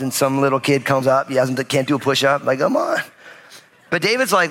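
A man's voice: mid-range voice, expressive, a little fast, fairly bright tone. A male pastor giving a sermon to a live audience in a church, retelling scripture in casual, everyday speech. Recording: long reverb of a large hall.

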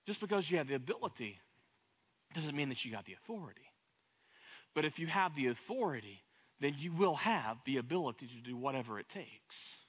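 A man's voice: mid-range voice, big pitch swings, fairly quick, fairly bright tone, husky. A man preaching a sermon as pastor, impassioned, often repeating words as he builds up.

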